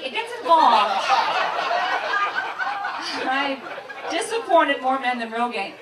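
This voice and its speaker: Brash, high-voiced female stand-up comic. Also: big pitch swings, takes it slowly, pauses often, very noisy. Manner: brash, self-mocking, punchy. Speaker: stand-up comedian. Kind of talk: stand-up comedy set. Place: comedy club stage. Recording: roomy live club, distant mic, loud crowd. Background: audience laughter.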